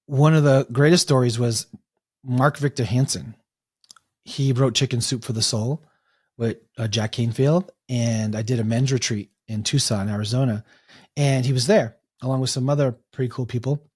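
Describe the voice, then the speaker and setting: A man telling animated stories as an interview guest, acting out the people he quotes. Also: medium pitch, breathy edge, no echo, studio quality. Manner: animated storyteller, restarts and acts out quotes. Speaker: guest, breathwork coach. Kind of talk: storytelling in an interview.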